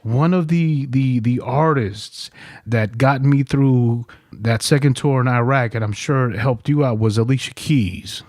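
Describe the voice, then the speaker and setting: A man's voice: mid-range voice, a little slow, a little mellow, no echo, clean studio sound. A man from New York hosting a podcast, telling stories with lots of laughter and swearing. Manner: profane, laughing storyteller. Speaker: podcast host. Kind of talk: casual interview chat.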